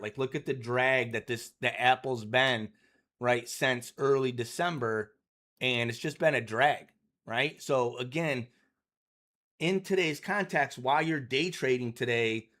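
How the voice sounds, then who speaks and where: A man giving casual day-trading commentary over charts, rambling and filling his talk with "you know" and "right?", often clearing his throat. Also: medium pitch, a bit bright.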